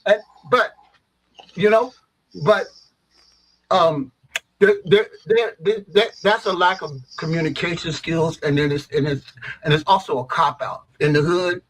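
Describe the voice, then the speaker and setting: A man's voice: fairly high pitch, unhurried, a bit bright, a little hiss or hum, low-quality recording. A middle-aged man hosting a radio talk show, rambling and opinionated, peppering his talk with "you know what I'm saying.".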